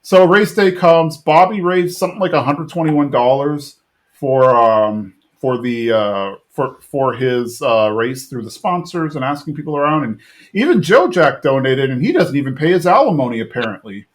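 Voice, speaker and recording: A man's voice: medium pitch, expressive, moderate pace. A man hosting a podcast, casually recapping a cartoon episode in a rambling way with many fillers and restarts. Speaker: podcast host.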